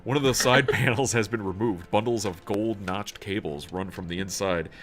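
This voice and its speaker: Deep-voiced man streaming a game. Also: moderate pace, a bit bright. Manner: casual, swears, stumbles while reading. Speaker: streamer playing a role-playing video game. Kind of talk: casual gameplay livestream, reading game text aloud.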